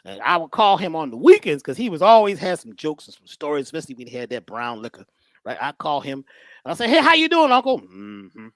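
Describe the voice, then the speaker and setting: A woman giving a casual lecture, conversational and animated, acting out the people in her stories. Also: deep voice, fast, no echo. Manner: conversational, animated, acts out voices.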